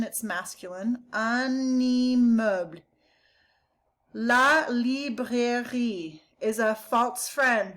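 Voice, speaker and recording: A woman teacher giving a recorded vocabulary lesson, explaining each word in English and slowly modeling its pronunciation. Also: medium pitch, a bit bright. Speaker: French teacher.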